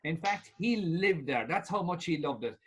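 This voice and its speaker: Guy improvising a story on a video call, high voice, swears casually. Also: lively intonation, moderate pace, fairly bright tone, slight background noise. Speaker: improv comedian.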